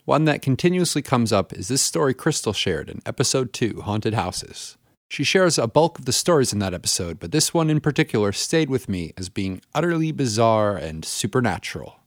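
A man hosting a storytelling podcast, calmly introducing each story in scripted narration. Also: medium pitch, fairly quick, dry recording. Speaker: podcast host.

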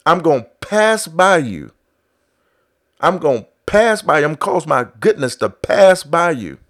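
A man's voice: big pitch swings, measured pace. Man preaching, building to fervor. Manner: starts low and quiet, builds to loud exhortation with repeated refrains; acts out biblical voices in quoted speech. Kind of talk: sermon.

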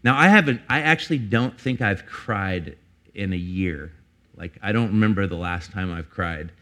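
A middle-aged man preaching a sermon as pastor, earnest and confessional, climbing to emphatic peaks and dropping low and personal. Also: normal speed, bright, forceful tone.

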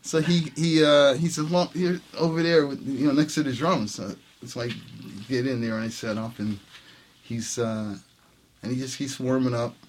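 Slight background noise accompanies a man speaking at a moderate pace in a mid-range voice. As a jazz trumpet player telling an anecdote in an interview, he's animated, acts out what was said, and laughs often.

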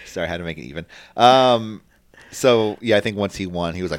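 A man co-hosting a casual wrestling podcast, animated and swearing freely, acting out what others said. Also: low-pitched, fairly quick, no echo. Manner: animated, swears, acts out quotes. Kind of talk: casual chat.

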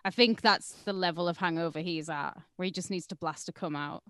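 A woman's voice: on the low side, fairly quick, fairly bright tone, no room sound, studio quality. A woman co-hosting a crude comedy podcast, teasing and bawdy, laughing often. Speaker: podcast co-host.

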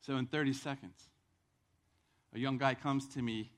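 A male pastor preaching a sermon in church, telling the story with lively acted-out voices. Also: medium pitch, normal speed.

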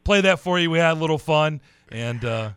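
A man hosting a sports radio show, chatting with a guest in a playful, drawn-out way. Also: on the high side, expressive, a bit bright, clean tone, dry recording, clean studio sound.

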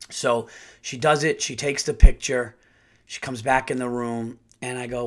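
A comedian tells a story on his podcast at a quick, loose clip. His voice sits in a middle pitch, and he is full of asides, restarts and casual cursing. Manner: rambling, profane, animated storytelling.

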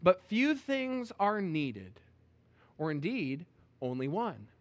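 A man voicing a calm, patient male teacher who gently redirects a worried woman, as an acted quote in a sermon. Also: high-pitched, slow pace, exaggerated voice. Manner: calm, soothing.

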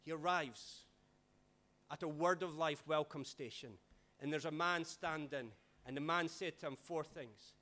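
Man, pastor, lively sermon storyteller, pitched a bit high. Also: measured pace. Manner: animated, dramatic swings in loudness.

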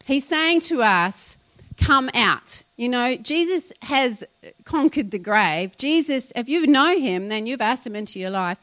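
A woman's voice: a little high, a bit bright. A woman pastor, preaching a sermon in a conversational way and retelling scripture with asides.

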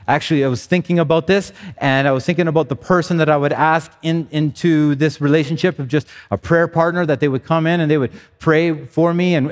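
A man's voice: on the high side, big-room sound. A man in his thirties preaching a sermon as pastor, earnest and conversational, often restarting his phrases. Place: church sanctuary.

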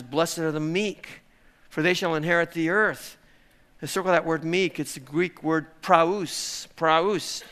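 A middle-aged man preaching a sermon, animated, dropping to hushed tones and then rising to loud exclamations. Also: fairly high pitch. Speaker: pastor.

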